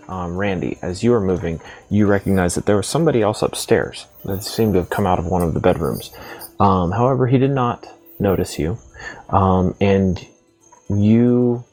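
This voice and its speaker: A man narrating as game master of a tabletop game, describing scenes slowly with frequent fillers. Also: low-pitched, darkish tone, rough recording. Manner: slow, descriptive, many fillers.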